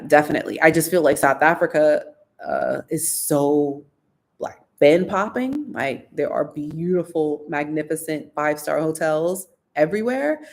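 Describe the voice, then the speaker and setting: Chatty woman with a gravelly low voice. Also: a little mellow. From United States. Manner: chatty, reads viewer comments aloud and answers them. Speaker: host of a live Q&A stream. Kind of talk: casual live-stream Q&A.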